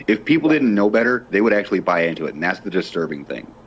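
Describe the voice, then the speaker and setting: A man on a group internet call, talking in a deliberate, analytical way. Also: low voice, big pitch swings. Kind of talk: casual call chat. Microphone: computer mic on a video call. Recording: dull lo-fi call audio with faint noise.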